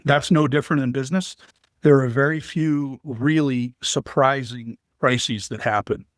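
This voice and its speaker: A man answering interview questions in a measured, explanatory way, using vivid analogies. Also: medium pitch, fairly even intonation, no echo, clean studio sound. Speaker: guest, business leader and veteran.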